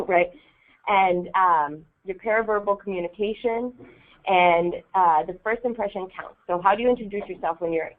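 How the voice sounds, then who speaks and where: A woman leading a volunteer training session in a casual way, with many ums and a frequent "right?". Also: on the low side. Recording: tinny phone-like audio.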